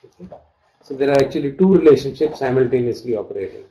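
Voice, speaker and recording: A man's voice: medium pitch, animated, quick pace, warm tone, lo-fi sound. A man teaching a study class, reading out texts and glossing Pali terms as he explains them. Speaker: dharma teacher.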